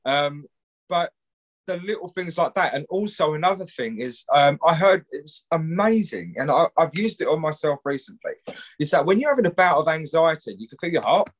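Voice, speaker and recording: A man's voice: a little high, expressive, moderate pace. A man, a mental health counsellor, speaking as a guest in a candid podcast conversation, rambling and swearing freely.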